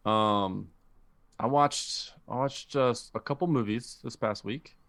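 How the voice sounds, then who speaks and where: A man's voice: medium pitch, slow, fairly bright tone, no room sound. A man co-hosting a podcast, chatting casually about movies and rambling with lots of fillers and restarts. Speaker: podcast co-host. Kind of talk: casual chat.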